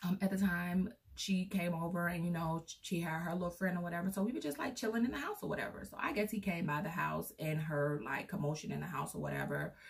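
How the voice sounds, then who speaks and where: A woman's voice: lowish voice, quick pace, vocal fry, few pauses. A young woman vlogger telling a personal story in a casual, rambling way, full of fillers, recorded from a distance.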